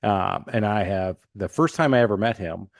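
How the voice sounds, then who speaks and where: A man hosting a podcast, telling stories in a lively, joking way. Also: fairly low pitch, normal speed, vocal fry, no echo, clean studio sound. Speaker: podcast host. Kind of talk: casual podcast conversation.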